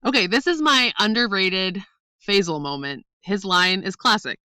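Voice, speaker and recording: Podcast co-host, woman, bright voice, dry close mic, laughs a lot while retelling scenes. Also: mid-range voice, moderate pace, no room sound, low-quality recording. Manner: laughs often, acts out movie lines with gusto. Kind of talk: casual movie-review chat.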